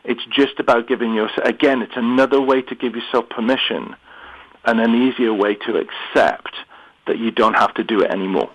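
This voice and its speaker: A man's voice: medium pitch, brisk, a bit bright, breathy edge, low-quality recording. Earnest British man calling in. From United Kingdom. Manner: earnest, repeats and restarts words. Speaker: guest. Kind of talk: interview on mindset. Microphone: phone or remote line.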